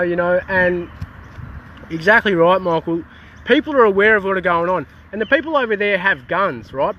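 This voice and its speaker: A man's voice: high-pitched, sharp tone, dull audio, slight background noise. An Australian man in a casual activist rant, heated and swearing, with many restarts, recorded outdoors in a town.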